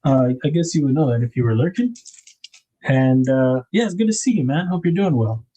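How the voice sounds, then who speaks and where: Laid-back man, mellow voice. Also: medium pitch, expressive, fairly quick. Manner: rambling, laid-back, greets viewers in chat by name. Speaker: livestream host and knife designer. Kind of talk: casual livestream chat.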